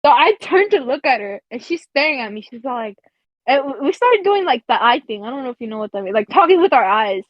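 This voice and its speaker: A woman's voice: high voice, big pitch swings, quick pace, no echo. A woman co-hosting a podcast, telling a story in a casual, profane way with lots of fillers and laughs between phrases. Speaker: podcast co-host. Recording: dull lo-fi dry recording.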